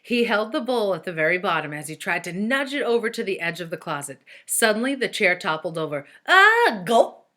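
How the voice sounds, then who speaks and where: A woman's voice: lowish voice, fairly quick, hardly any pauses. A woman teacher reading a chapter book aloud to children, stopping to explain. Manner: expressive, explains as she reads.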